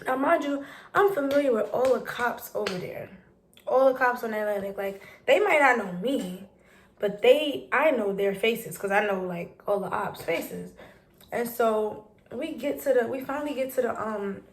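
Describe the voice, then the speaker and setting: Young New woman vlogger, higher voice, rambling animated storytime delivery. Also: normal speed. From New York City. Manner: animated, rambling retelling with quoted dialogue. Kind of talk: casual storytime.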